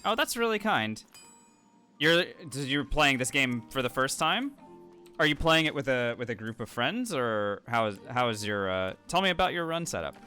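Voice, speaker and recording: A streamer playing a challenge run gives live gameplay commentary, talking through his moves and thanking viewers in a chatty, rambling way full of fillers and restarts. His medium-pitched voice is very animated, pushed, and bright at normal speed, with faint music behind.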